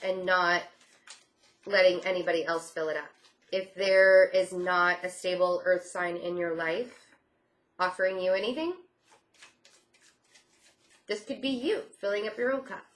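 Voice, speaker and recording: A woman's lowish voice moves a little slowly with fairly even intonation and long pauses as she gives a casual tarot reading. Reassuring and repetitive, she frequently says she feels things, peppering her speech with "I feel like."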